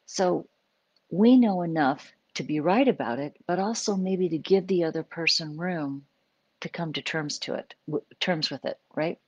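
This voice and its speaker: A woman's voice: lowish voice, moderate pace, a little mellow, husky, no echo, highs cut off. A woman psychologist hosting a live stream, giving an unscripted, conversational talk and acting out little examples as she explains.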